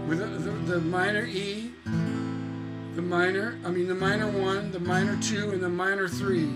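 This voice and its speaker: Unhurried male songwriting teacher, thinks aloud through chords while his guitar rings behind him. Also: high-pitched, rough recording. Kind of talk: casual music lesson. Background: acoustic guitar playing.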